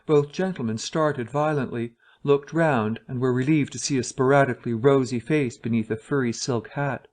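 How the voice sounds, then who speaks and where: Guy reading a story out loud for english learners, steady even voice. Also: medium pitch, normal speed, few pauses. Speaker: narrator.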